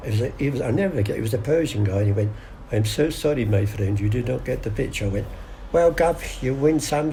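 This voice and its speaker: A man's voice: fairly low pitch, gravelly, mellow, a little hiss or hum. Older man spinning yarns. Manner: chatty yarn-spinner acting out voices, many restarts. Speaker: guest storyteller. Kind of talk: casual anecdotal interview.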